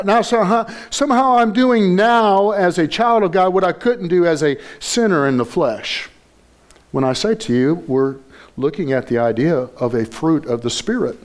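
A man preaching a sermon, emphatic and repetitive, building to forceful peaks. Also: a little high. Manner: emphatic preaching, repeats key phrases, rising to loud peaks. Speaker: pastor.

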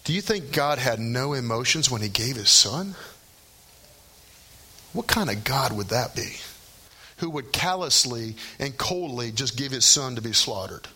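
A man's voice: mid-range voice, expressive, measured pace, pushed and bright, breathy edge. A middle-aged male pastor preaching a sermon in a conversational way, often checking in with rhetorical questions.

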